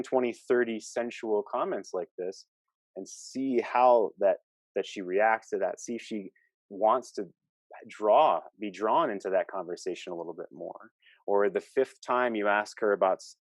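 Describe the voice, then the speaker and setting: A man's voice: fairly low pitch, darkish tone, dry recording. A man co-hosting a relationship coaching talk, explaining earnestly with examples and quoted lines.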